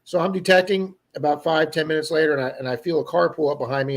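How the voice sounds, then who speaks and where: Man telling a story, casual and animated. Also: fairly high pitch, fast talker, few pauses. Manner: animated storyteller who acts out quoted people. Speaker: livestream co-host.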